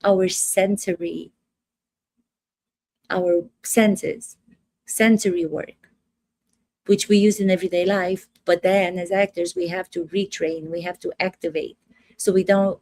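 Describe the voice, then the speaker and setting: A woman acting coach with a lowish, gravelly, darkish voice gives casual commentary to camera. She's emphatic, repeating phrases and asking rhetorical questions.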